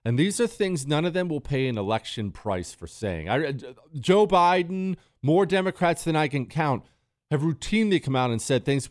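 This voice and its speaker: Man, talk radio host, forceful, sarcastic, dry close sound. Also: medium pitch, very animated, moderate pace, no room sound. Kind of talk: opinionated radio monologue.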